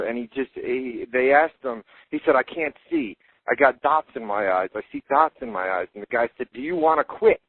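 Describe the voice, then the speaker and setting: A man's voice: mid-range voice, no room sound. A man hosting a radio fight-talk show, recapping events in casual chat with frequent "uh" fillers. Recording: tinny phone-like dry audio.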